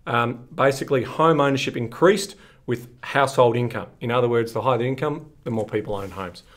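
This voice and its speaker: A man's voice: mid-range voice, brisk. An Australian podcast co-host with an ordinary mid-range male voice who likes to crack jokes and rib his partner. His delivery is easy and conversational, with bursts of enthusiasm. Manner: joking, ribbing, enthusiastic. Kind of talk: casual banter on a finance podcast.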